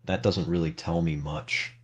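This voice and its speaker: A man's voice: low voice, steady tone, normal speed, slightly rough. A man answering in a literal, puzzled, politely questioning manner, as a character in a game chat.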